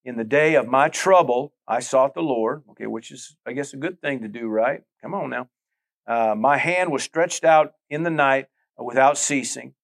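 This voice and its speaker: A man's voice: mid-range voice, normal speed, vocal fry. Conversational male pastor preaching. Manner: conversational preaching with many asides and repetitions. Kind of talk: sermon.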